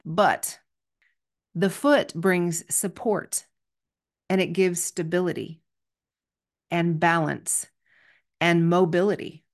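A middle-aged woman hosts a casual solo podcast, telling a story in an earnest, chatty, self-deprecating way. Her voice is on the low side with fairly even intonation, and she speaks slowly with long pauses.

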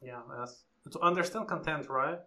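A man's voice: on the high side, normal speed, sharp tone. Thoughtful man chatting on a podcast. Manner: thoughtful, with frequent restarts. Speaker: podcast co-host. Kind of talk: casual chat.

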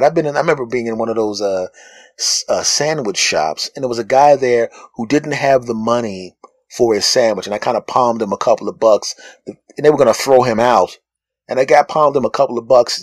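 A man hosting a podcast, telling a comic story about being judged and acting out the people in it. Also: no room sound. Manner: animated, acts out other people in high mocking voices. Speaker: podcast host. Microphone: phone.

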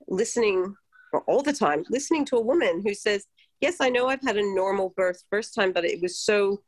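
A woman's voice: mid-range voice, no echo, low-quality recording. Woman midwife host, earnest storyteller, dead-dry close mic. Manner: earnest, reflective, lively retelling. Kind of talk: casual chat, storytelling.

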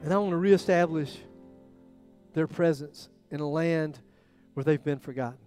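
A man preaching a sermon, acting out quoted prayers, shifting from loud bursts to near whispers. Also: fairly high pitch, normal speed, faint music behind. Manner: dramatic, acts out biblical quotes with swings in loudness. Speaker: pastor.

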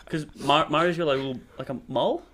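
A man's voice: fairly high pitch, quick pace, background noise. A young man, teasing and crude in casual podcast talk. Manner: teasing, crude, laughs a lot. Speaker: podcast co-host. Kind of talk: casual chat.

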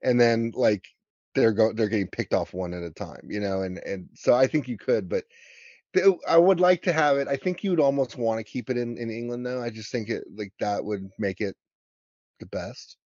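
An American man chats about a film in a loose, rambling way, full of fillers and restarts. His voice has a middle pitch. The recording is dull and dry, with no room around it. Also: normal speed, a little mellow, dry recording. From United States. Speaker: podcast co-host. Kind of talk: casual film discussion.

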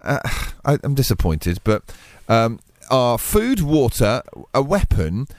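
A man's voice: medium pitch, very animated, slow, dry recording, studio quality. A man co-hosting breakfast radio, cheeky and full of innuendo, laughing often. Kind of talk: casual radio banter. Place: radio studio.

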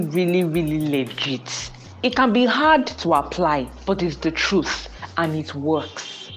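A young woman with a Nigerian accent talks through faith and marriage in a casual solo podcast. Her voice sits a little low, and she presses her points with earnest, repeated warnings. Faint music plays softly underneath her. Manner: earnest, preachy, animated with emphatic repetition. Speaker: podcast host.

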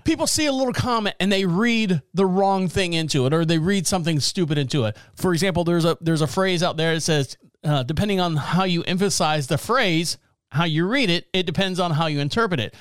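Guy with a high voice hosting a podcast, sarcastic and jokey, laughs a lot, dry close mic. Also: brisk, clear, resonant tone, no room sound. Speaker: podcast host. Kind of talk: casual podcast commentary. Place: small studio.

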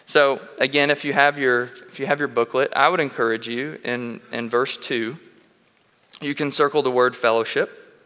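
A man delivers a sermon with a bright, forceful voice, mid-range in pitch. He talks in an earnest, candid way and restarts his phrases as he tells personal stories. His words ring out with the long reverb of a large church hall. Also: steady tone, normal speed. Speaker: preacher.

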